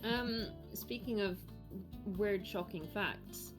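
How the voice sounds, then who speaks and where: A woman's voice: medium pitch, slow pace. A woman hosting a tabletop game livestream, bubbly and giggly as she introduces the players, with music faintly under her voice. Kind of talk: casual livestream banter.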